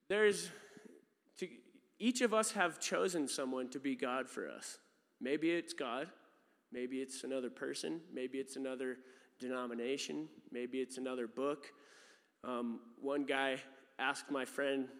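A man preaching a sermon in a loose, conversational way, full of fillers and quick asides. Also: fairly high pitch, a bit bright, big-room sound. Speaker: pastor.

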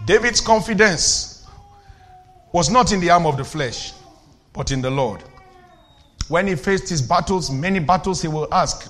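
A man preaches with a high, bright voice. His delivery is fervent and forceful, with questions thrown at the audience that build to shouted declarations. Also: animated, a little slow, pauses often, faint music behind. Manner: teasing, asks the audience questions. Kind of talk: sermon.

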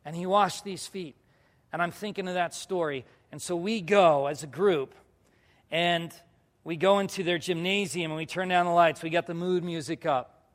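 High-voiced man preaching in a reverberant hall. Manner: animated storyteller, swinging between loud bursts and hushed asides. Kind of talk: sermon testimony to a congregation.

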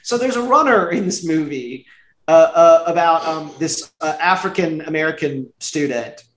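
A man's voice: on the high side, animated, moderate pace, fairly bright tone. Rambling man with roomy echo. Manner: rambling, filler-heavy, laughs often. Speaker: podcast co-host. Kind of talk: casual chat reviewing a movie.

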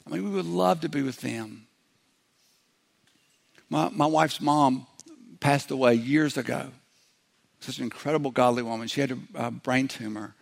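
A middle-aged man preaching a sermon in a conversational way, slipping into quick acted-out voices as he goes. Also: mid-range voice, gravelly. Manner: conversational preaching, acts out little quoted voices. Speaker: pastor.

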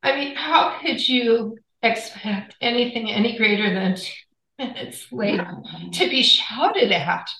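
A woman's voice: a little high, unhurried. A woman, a podcast guest and author, telling a story in conversation and acting out what others said. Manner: animated storyteller, acts out quoted dialogue. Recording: echoey room.

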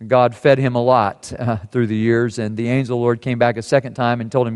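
A man's voice: mid-range voice, level tone, fast talker, hardly any pauses, a little mellow, clear, resonant tone. Man preaching a sermon in a reverberant hall.

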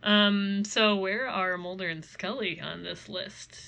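A young woman co-hosting a casual podcast, chatting with dry, deadpan humor and frequent laughs. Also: medium pitch, slow, gravelly. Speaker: podcast co-host. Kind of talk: casual chat.

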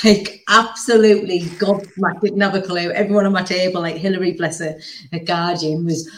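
A woman hosting a podcast, telling a story in an animated, casual way with plenty of "like" and the odd swear word. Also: lowish voice, moderate pace. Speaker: podcast host. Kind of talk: casual chat.

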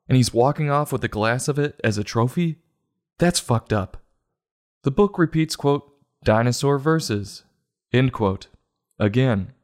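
A man hosting a book review show, reading and mocking a children's picture book with sarcastic, exasperated commentary. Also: mid-range voice. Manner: sarcastic, exasperated, rising to incredulous questions; profane deadpan asides.

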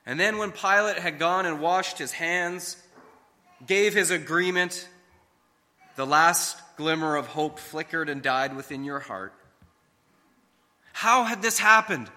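A man telling a devotional story in the second person, with a slow, emphatic, dramatic delivery. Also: sits high, bright, forceful tone. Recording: long hall reverb.

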